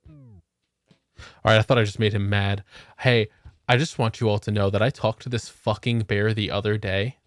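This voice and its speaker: A man's voice: fairly low pitch, flat delivery, moderate pace, long pauses, no room sound. A man streaming a video game, chatting casually with his viewers and joking with a lot of swearing. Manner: profane, joking banter with chat. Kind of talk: casual gameplay chat.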